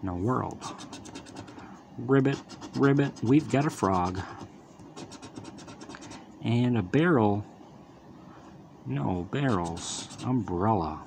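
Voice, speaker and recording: A man's voice: lowish voice, expressive, very slow, gravelly, pauses often, a little mellow, a little hiss or hum. A man hosting his own lottery channel, calling out each symbol with casual running commentary and upbeat wisecracks as he scratches tickets.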